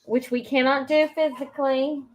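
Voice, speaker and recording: A woman's voice: high voice, steady tone, normal speed. A woman from Alabama with a Southern accent, chatting casually, outspoken and laughing often. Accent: Southern American. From Alabama, USA. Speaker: co-host and shop co-owner. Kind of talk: casual chat.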